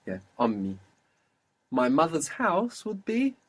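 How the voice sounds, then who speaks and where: A man's voice: on the high side, wildly swooping pitch, takes it slowly. A man teaching a language lesson, patiently modelling and repeating each phrase for his student.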